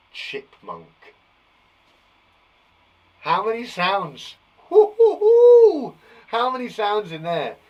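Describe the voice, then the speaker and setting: A man teaching young children a live phonics lesson, encouraging them warmly and sounding out letters slowly. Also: fairly high pitch, rough recording. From England. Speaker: primary school teacher.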